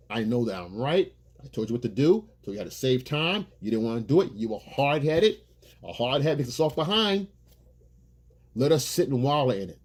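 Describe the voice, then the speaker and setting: A man coaching on dating in a husky, slightly breathy voice. He delivers his points emphatically, in a preachy lecturing manner, at an everyday pitch. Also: darkish tone. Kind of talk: monologue advice video.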